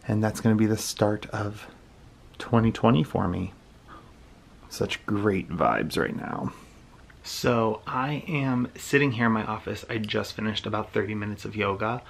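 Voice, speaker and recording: Chatty young man vlogging at home. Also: on the low side. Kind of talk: casual vlog narration.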